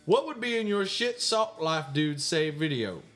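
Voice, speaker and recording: A man's voice: very animated, measured pace, fairly bright tone, faint music behind. Guy reading fan mail, acting all pompous, voice jumps up and down a lot. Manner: mock-pompous, swings between high squeaks and low mutters. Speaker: podcast co-host answering fan mail in character. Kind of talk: comedic banter, reading listener mail.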